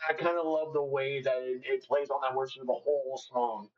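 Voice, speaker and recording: A man's voice: mid-range voice, fairly even intonation, normal speed, dull audio. A man co-hosting a podcast, chatting enthusiastically and rambling with restarts. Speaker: podcast co-host. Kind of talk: casual chat.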